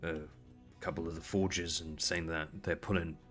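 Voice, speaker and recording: A man voicing a traditional male Firbolg smith who speaks quietly, in a measured and politely firm way. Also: deep voice, little pitch movement, faint music behind, voice pushed down. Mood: stern calm.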